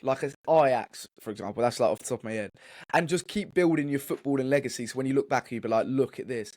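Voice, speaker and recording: A man's voice: mid-range voice, fast talker, darkish tone. A young man, co-hosting a casual football podcast, telling stories animatedly and swearing freely. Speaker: podcast co-host.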